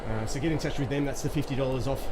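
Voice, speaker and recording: A man's voice: mid-range voice, racing, noisy background. A man hosting a casual live stream while pedalling an exercise bike, upbeat and quizzing his viewers, a little out of breath.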